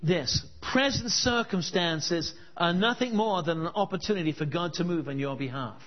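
A man's voice: sits high, moderate pace. A male preacher giving a sermon at a church service, telling stories and pressing the crowd with emphatic questions. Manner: storytelling, emphatic rhetorical questions. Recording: dull lo-fi recording.

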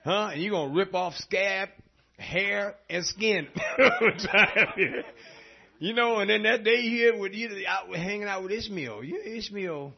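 A man preaching a sermon, telling stories in an animated way and laughing often. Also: high-pitched, takes it slowly, gravelly, breathy edge. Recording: dull lo-fi recording.

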